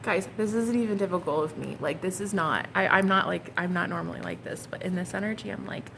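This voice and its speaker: A young woman reading tarot cards for her viewers, excitable and flustered. She swears casually, giggles, and calls the audience honey and girl. A faint hum of noise sits behind her voice. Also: lowish voice, fairly quick, gravelly. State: flustered and hot. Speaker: tarot reader.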